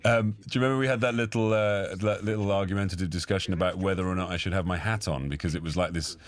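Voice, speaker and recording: A man's voice: sits low, steady tone, fast. A man chatting in a film commentary, with dry, teasing banter. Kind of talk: casual audio commentary chat. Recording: faint music behind.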